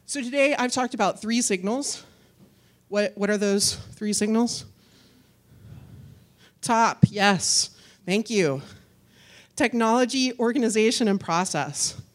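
A woman's voice: a little high, slow, long pauses. A woman giving a conference talk and answering audience questions in a chatty, upbeat way, often using "like". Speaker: conference speaker.

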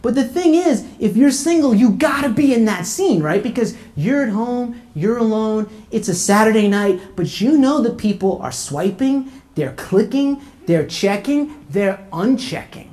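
A woman's voice: fairly high pitch, lively intonation, measured pace, hardly any pauses, mellow. A woman doing a stand-up comedy routine in a sarcastic, punchy way, tagging her jokes with "okay?" and "right?". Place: comedy venue with live audience.

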